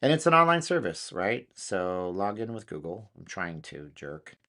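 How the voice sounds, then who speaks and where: A man hosting a casual studio chat, excitable and slangy, thinking aloud as he talks. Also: deep voice, normal speed. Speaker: channel host. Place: home studio.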